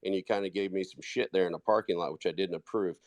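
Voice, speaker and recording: A man's voice: deep voice, steady tone, quick pace, a little mellow, no room sound. A man co-hosting a casual podcast chat, blunt and swearing freely. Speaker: podcast co-host.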